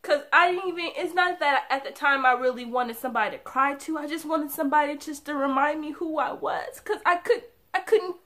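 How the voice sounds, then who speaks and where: A young woman talks straight to her viewers in a bright, fairly high voice and shares a hard personal story. She sounds candid and confiding, and laughs between the sad moments. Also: brisk, few pauses. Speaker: vlogger.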